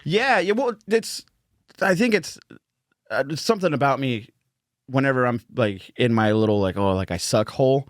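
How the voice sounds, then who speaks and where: A man who is a comedian, guest on a podcast, telling stories in an animated, playful way. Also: medium pitch, moderate pace, dry recording, clean studio sound. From Mexican-American. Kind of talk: casual chat.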